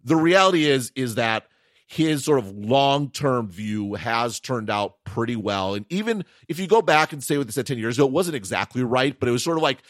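A man with a Wisconsin accent, chatting casually as a podcast co-host, animated and full of quick restarts. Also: medium pitch, no room sound. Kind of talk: casual tech podcast chat.

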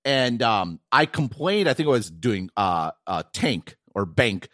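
A middle-aged man with a Wisconsin accent talks tech on a podcast, his fairly low voice jumping up when he gets going. He restarts often and tags his points with "right?" and "like". The sound is dry and close to the mic. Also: no echo. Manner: animated, quick restarts and frequent "like" and "right?". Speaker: podcast co-host, tech analyst. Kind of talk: casual podcast chat.

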